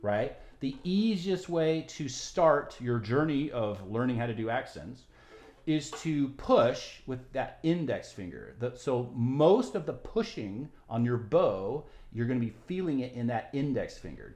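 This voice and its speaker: In this music tutorial, a violin teacher speaks at normal speed in an expressive, slightly mellow, medium-pitched voice, patiently breaking down rhythm and bowing and frequently checking in with "right?" Soft music and violin playing sit behind him, and the room echoes.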